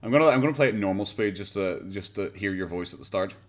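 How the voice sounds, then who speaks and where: A man's voice: on the low side, lively intonation, fast. An Irish man hosting a casual reaction livestream from home. He rambles and chats, laughs often and swears casually, speaking into a desk condenser mic. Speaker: livestream host. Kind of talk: casual reaction stream chat. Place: home, pets nearby. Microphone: USB condenser desk mic.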